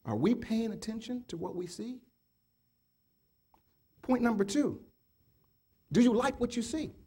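High, animated male preacher. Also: a little slow, husky. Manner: repeats rhetorical questions to the congregation; swings from loud urging to low murmured quotes. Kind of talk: sermon.

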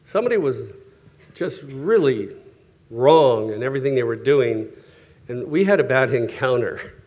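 A man's voice: medium pitch, animated, moderate pace, darkish tone, muffled recording. Chuckling conversational male preacher. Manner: conversational, self-correcting, chuckles often, acts out quoted voices. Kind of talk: sermon with personal stories.

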